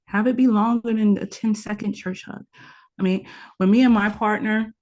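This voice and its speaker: A woman's voice: medium pitch, fairly even intonation, normal speed, darkish tone. A woman guest on a podcast, teaching tantra practice in an earnest, instructive way and repeating her key points. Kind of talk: conversational podcast interview.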